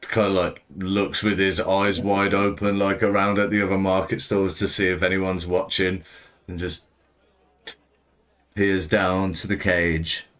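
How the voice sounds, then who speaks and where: A man narrating a tabletop game as game master, relaxed and often repeating words while he thinks. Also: sits low, unhurried.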